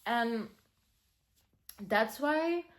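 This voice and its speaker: A young woman talks in a loose, rambling vlog voice, sitting slightly high in her range. She fills her sentences with little fillers and then slows into gentle, soothing self-affirmations. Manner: chatty, rambling with many fillers, drops to a soft calm tone for affirmations. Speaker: vlogger. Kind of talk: casual self-talk vlog.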